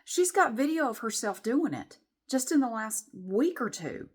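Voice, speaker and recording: A woman vlogger telling a story to camera in an animated, exasperated way. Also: on the high side, unhurried, breathy edge.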